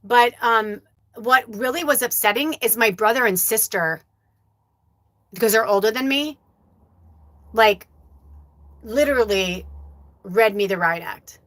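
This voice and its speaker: A woman's voice: fairly high pitch, animated, measured pace, pauses often, fairly bright tone. A woman psychic medium giving a live channeled reading and telling a personal story in a rambling, casual way, with lots of fillers and some swearing.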